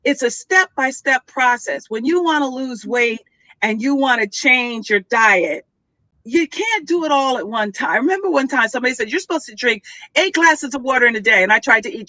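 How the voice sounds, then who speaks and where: High-voiced woman teaching, dry sound. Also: lively intonation, normal speed, bright, forceful tone, no room sound. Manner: teaching, affirming, checks in with okay and all right. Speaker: guest speaker. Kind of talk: heartfelt conversation.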